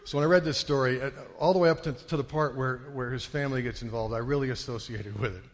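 A man preaching a sermon to a congregation, telling a story with animated, excited delivery. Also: medium pitch, fast talker. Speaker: pastor. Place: church sanctuary. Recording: long hall reverb.

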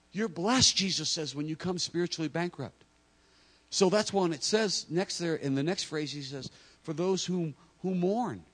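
A man's voice: high voice, fairly bright tone, husky. A man preaching a sermon, talking to the congregation directly and acting out imagined speakers. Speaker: pastor.

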